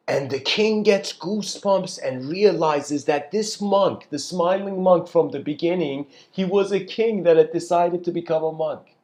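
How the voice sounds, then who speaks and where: A man giving a casual spiritual lecture, telling a story in a loose, rambling way and often clearing his throat. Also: fairly high pitch, lively intonation, moderate pace, a little mellow.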